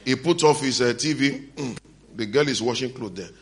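A man preaching a sermon, acting out the story in different voices, moving from hushed asides to shouts. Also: mid-range voice, brisk. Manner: acts out scenes, shifts between hushed asides and shouts.

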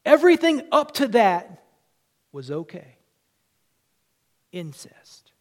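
A man with a Southern US accent preaching a sermon as pastor, swinging from loud declarations to hushed asides. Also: high voice, big pitch swings, slow pace.

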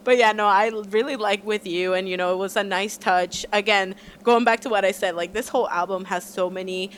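A woman's voice: medium pitch, brisk, a little hiss or hum. A young woman chatting casually about music as a podcast co-host, bubbly and full of "like". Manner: bubbly, says "like" a lot, squeals in excitement.

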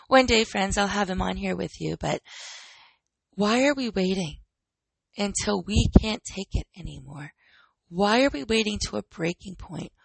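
Woman in her 30s, podcast host and trainer; candid chatty monologue with rhetorical questions, slightly husky. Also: mid-range voice, no echo, low-quality recording. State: recovering from illness.

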